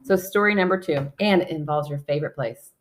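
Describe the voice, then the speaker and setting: A woman's voice: deep voice, fairly quick. A woman co-hosting a casual podcast, eagerly telling stories and reading out listener emails. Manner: animated storyteller, reads listener emails. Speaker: podcast co-host, believer.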